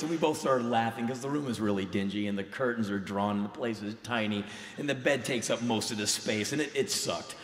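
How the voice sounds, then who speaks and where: A man's voice: medium pitch, brisk, a little hiss or hum. A man telling a story live on stage, intense and emphatic, acting out the dialogue. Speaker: spoken word performer. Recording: reverberant live hall recording.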